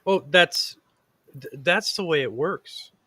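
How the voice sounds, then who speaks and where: A man's voice: a little high, animated, slow pace, bright, forceful tone, breathy edge. A man hosting a casual talk show, earnest and rambling, with lots of fillers and restarts. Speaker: podcast host. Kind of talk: casual chat.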